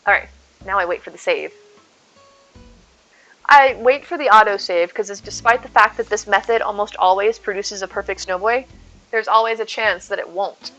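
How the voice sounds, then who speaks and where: Woman streamer rambling to chat, bright crisp voice, soft music behind. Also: medium pitch, normal speed, rough recording. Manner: chatty, rambling, talks to chat by name. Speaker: game streamer. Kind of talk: casual live-stream chat while gaming.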